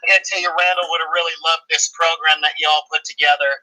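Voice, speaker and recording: A man with a sharp, very bright voice pitched a bit above the usual tells his story casually. He rambles and restarts, packing his talk with fillers. The sound comes through a call line. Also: little pitch movement, fast, poor audio. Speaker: guest. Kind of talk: casual chat.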